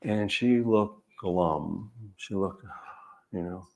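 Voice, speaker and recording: A man, an author, speaking to an audience in a measured, earnest way, telling stories and repeating key phrases. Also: sits low, creaky, darkish tone. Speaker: author giving a reading and talk. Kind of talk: reflective storytelling talk to an audience.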